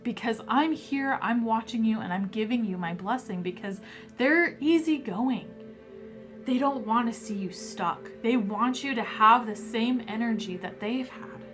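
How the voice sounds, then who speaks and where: A woman giving a pick-a-card tarot reading, emotional and hesitant, with many fillers, softly voicing messages from the other side. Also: a little high, a little slow, faint music behind.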